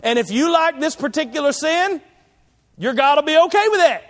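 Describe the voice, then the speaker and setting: A pastor delivers a sermon in a notably high male voice. His preaching is conversational yet emphatic, full of asides to the congregation. The sound carries the long reverb of a large church hall. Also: expressive, normal speed, fairly bright tone.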